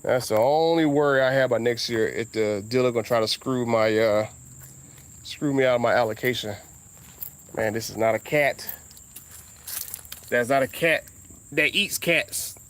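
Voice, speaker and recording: Southern US man, mid-pitched, relaxed car-vlog chatter with bursts of excitement. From Southern United States. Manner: laid-back, drawn-out talk with sudden high exclamations. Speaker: car vlogger. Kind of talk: casual rambling monologue.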